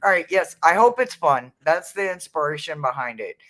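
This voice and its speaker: A man's voice: a little high, very animated, moderate pace, bright, forceful tone. A man hosting a tarot reading live stream, chatting playfully and laughing often as he greets viewers. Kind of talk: casual live-stream chat.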